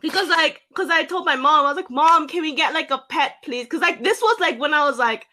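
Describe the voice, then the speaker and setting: A young woman telling a casual story on a podcast, filling pauses with "like" and acting out her own past lines. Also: high voice, bright, forceful tone. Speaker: podcast co-host.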